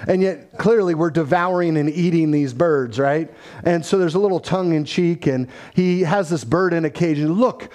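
A middle-aged man preaching a sermon that explains a scripture passage, telling stories and acting out voices as he goes. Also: on the high side. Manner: storytelling, animated, acts out quotes. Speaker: pastor.

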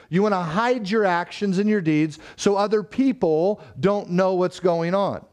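A man's voice: high voice, a little slow, darkish tone. A man preaching a sermon as pastor, emphatic, repeating phrases for stress and asking the congregation questions. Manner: asks the congregation rhetorical questions.

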